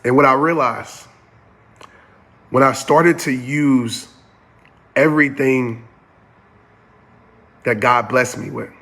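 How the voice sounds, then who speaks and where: A man's voice: mid-range voice, slow, long pauses, pushed and bright. A man giving a motivational talk in an earnest, preacher-like cadence with repeated phrases. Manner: addresses listeners as y'all. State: getting emotional. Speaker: motivational speaker.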